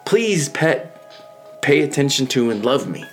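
A man voicing a loving pet dog who gently pleads with its owner for attention. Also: mid-range voice, big pitch swings, slow pace, soft background music, voice pushed up. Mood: pleading.

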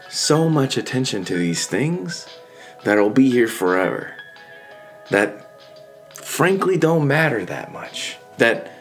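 A man voicing a loving pet dog who gently pleads with its owner for attention. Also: medium pitch.

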